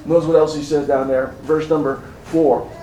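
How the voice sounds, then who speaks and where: A man's voice: a little high, flat delivery, moderate pace, mellow, reverberant, far from the mic, slight background noise, low-quality recording. A man preaching a sermon as pastor, building his points with emphasis and repetition.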